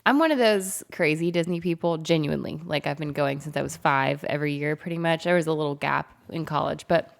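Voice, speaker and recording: A woman's voice: sits low, a little fast, creaky, few pauses. A young woman co-hosting a podcast, chatting casually, her voice stuffy and nasal from a cold. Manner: chatty, self-deprecating, with restarts. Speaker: podcast co-host. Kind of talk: casual chat.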